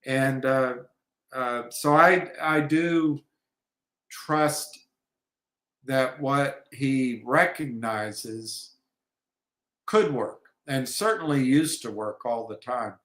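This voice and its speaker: A man talks through markets and trading in a loose, rambling way, stopping and restarting his sentences as he goes. He speaks slowly and unhurriedly at a middling pitch, and the room around him gives the voice a noticeable echo. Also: fairly bright tone. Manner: halting, many restarts and fillers. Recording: echoey room.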